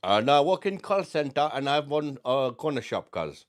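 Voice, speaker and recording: A man performs a swaggering shopkeeper character with a put-on Indian English accent. The lines bounce in a sing-song lilt, raised a little in pitch and punched out loud. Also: very animated, a little fast, close to an everyday voice. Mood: boastful. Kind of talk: comic character voice on a livestream.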